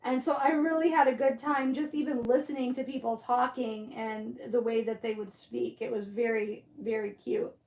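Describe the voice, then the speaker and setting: On a casual craft livestream, a middle-aged Michigan-accented woman from Michigan reads chat, replies to viewer comments and muses aloud in a chatty way. Her voice is a little high and a little mellow with a steady tone, at a moderate pace with hardly any pauses, and the sound is roomy.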